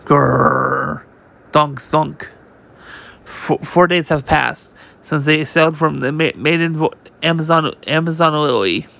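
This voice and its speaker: A man's voice: a little high, normal speed, gravelly, hardly any pauses, bright, forceful tone. A man reading a comic aloud on his channel. His reading is casual and unpolished, with frequent restarts and read-out sound effects.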